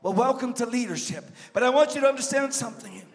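A man preaching a sermon as a guest pastor, swinging from emphatic shouts to low joking asides to the congregation. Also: fast. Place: church sanctuary. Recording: long church reverb.

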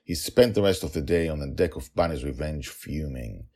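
A man hosting and narrating a daily fantasy story podcast in an animated, chatty way with frequent fillers. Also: very deep voice, normal speed.

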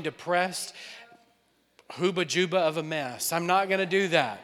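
A young adult man, a pastor, preaching an animated sermon with laughter and acted-out dialogue. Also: fairly high pitch, a little slow, pauses often. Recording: long hall reverb.

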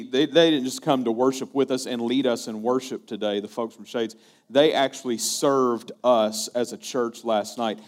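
A male pastor preaching a sermon, telling a story earnestly and often repeating his words. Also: mid-range voice.

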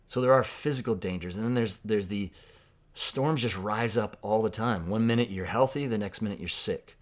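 A man with a fairly low voice delivers a sermon in a relaxed, conversational manner. He muses aloud, asks questions of his listeners, and drops to a hushed tone for quoted words. He is from Southern California. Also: normal speed. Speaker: pastor.

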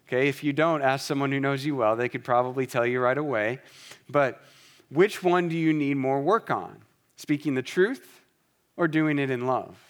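A married man preaching a sermon, speaking earnestly and directly with quick repeated restarts. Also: mid-range voice. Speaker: pastor.

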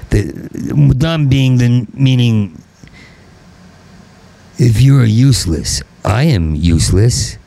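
Stuttering gravelly comic, bitter rant. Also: male voice, mid-range voice, lively intonation, slow, long pauses, dark tone, rough recording. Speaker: stand-up comedian. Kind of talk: stand-up monologue.

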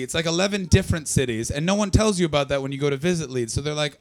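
A young man doing profane, mocking stand-up crowd work, bursting loud at times. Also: a little high, rapid-fire, few pauses. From Canada. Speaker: stand-up comedian.

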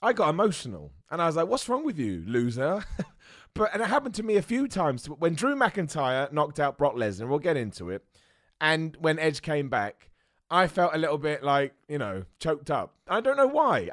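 A man's voice: on the high side, no room sound, studio quality. Chatty man hosting wrestling talk. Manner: chatty, excitable, self-mocking with laughs. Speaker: wrestling show host. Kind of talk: casual commentary and super chat reading.

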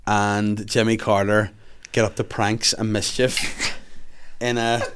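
A man's voice: fairly low pitch, level tone, takes it slowly, a bit bright, smooth. A man co-hosting a podcast, crude and giggly, often acting out silly voices in casual comedic chat. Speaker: podcast co-host.

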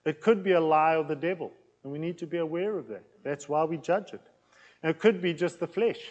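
Give me a man preaching with a loud, plain-spoken, chatty delivery and a noticeable accent. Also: on the high side, a little fast, big-room sound, muffled recording. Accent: non-local accent in England. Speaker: pastor teaching a series. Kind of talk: sermon teaching.

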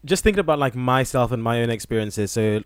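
A man's voice: mid-range voice, expressive, fast talker, smooth, dry recording. A man from Nigeria who grew up in England, with a general English accent touched by Scottish, chatting animatedly as a doctor on a podcast. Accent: general English with some Scottish touches. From Nigeria, raised in England. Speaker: junior doctor. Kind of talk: casual podcast chat.

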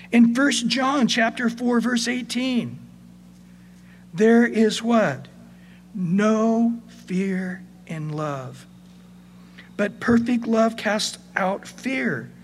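Pastor guy preaching, kinda high voice, goes soft then punchy, faint hum behind. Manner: conversational, swings between soft and emphatic. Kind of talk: sermon.

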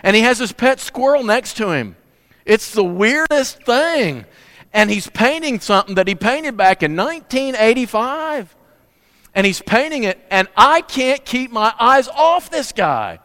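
A middle-aged man preaching a sermon, telling stories lively and asking the congregation questions. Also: very high voice, a little slow. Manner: animated storytelling with audience questions. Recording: reverberant hall.

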